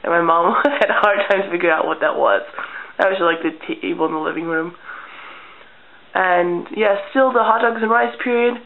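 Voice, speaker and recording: A young woman vlogger telling childhood stories in a casual, deadpan way, acting out little scenes. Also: fairly low pitch, moderate pace. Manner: chatty, deadpan humor, acts out childhood scenes. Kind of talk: casual storytelling vlog. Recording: tinny lo-fi webcam audio.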